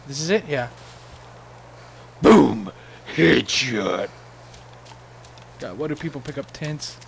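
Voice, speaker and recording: A man's voice: on the high side, quick pace, a little hiss or hum. A young man giving casual, rambling commentary over a survival game, sarcastic and swearing freely. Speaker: gaming channel host.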